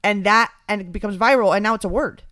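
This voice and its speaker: A young woman co-hosting a relaxed podcast chat. She is animated and chatty, with lots of fillers. Her voice sits mid-range and sounds dry and close to the mic. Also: mid-range voice, fast, no echo. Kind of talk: casual chat.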